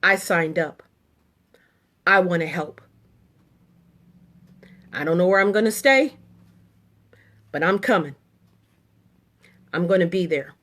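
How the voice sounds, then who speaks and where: A middle-aged woman, a military veteran, faces the camera for an indignant political monologue built from short, emphatic, repeated statements. She speaks slowly with frequent pauses, her voice low-ish yet fairly bright.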